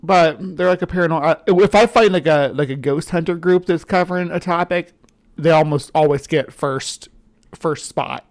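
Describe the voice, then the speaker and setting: A woman's voice: sits low, normal speed, a little mellow. A woman with a central US accent hosts a casual livestream and rambles freely, greeting viewers as they join. Her talk is chatty and loose, with the easy tone of a self-described skeptic. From central US, between the South and the upper Midwest. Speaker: livestream host.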